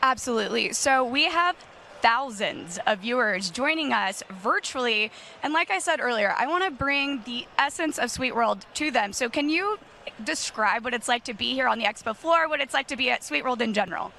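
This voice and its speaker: A woman's voice: fairly high pitch, lively intonation, normal speed, vocal fry, sharp tone, a little hiss or hum. A woman working as a roving floor reporter, interviewing attendees with upbeat enthusiasm. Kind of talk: live event interviewing.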